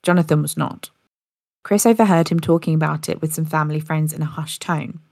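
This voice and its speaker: This is a fairly quick, casual storytelling clip from a woman whose voice is low and gravelly, delivered like a relaxed podcast. She occasionally slips and begins again, and the audio is dry and close-miked with no surrounding space.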